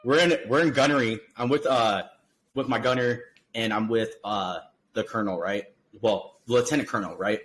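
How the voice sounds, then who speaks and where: A man hosting a casual podcast, telling stories in a loose, animated, chatty way. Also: fairly low pitch, normal speed, slight background noise, rough recording. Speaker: podcast host.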